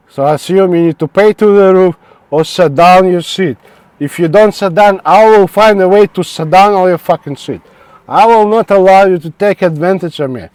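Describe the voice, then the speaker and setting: Man, high voice, angry profane vlog rant, repetitive broken phrasing, dry close sound. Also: darkish tone, dry recording. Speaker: vlogger. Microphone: wireless clip mic.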